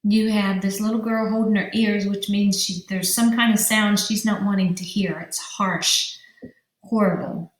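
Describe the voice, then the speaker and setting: Woman teacher, slow careful delivery, drawn-out syllables, roomy echo. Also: medium pitch, fairly even intonation. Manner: slow, drawn-out syllables, spelling letters aloud. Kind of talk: vocabulary lesson for young children.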